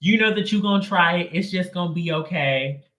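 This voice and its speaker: A man's voice: sits high, fairly quick, a bit bright, reverberant. A man giving a casual live tarot reading in a sassy, slangy, emphatic way. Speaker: tarot reader.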